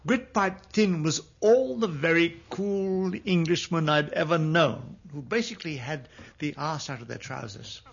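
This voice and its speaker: Gravelly high-voiced man, wry anecdote. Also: unhurried, highs cut off, slight background noise. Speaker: interviewee. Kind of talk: storytelling anecdote.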